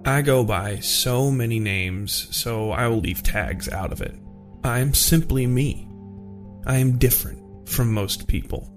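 A man's voice: mid-range voice, lightly acted. A man reading as a cold self-confessed killer. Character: calm adult male killer reading his confession. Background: music.

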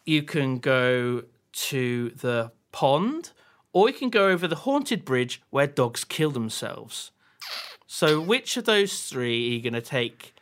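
A man co-hosting a casual podcast chat, animated, joking and sarcastic as he retells things. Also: medium pitch, slow pace. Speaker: podcast co-host.

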